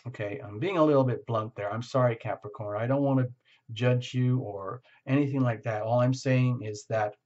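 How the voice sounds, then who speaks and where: A man's voice: mid-range voice, moderate pace, darkish tone. A man doing a tarot reading, talking frankly and searching aloud for the right words. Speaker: tarot reader. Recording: slightly muffled lo-fi recording.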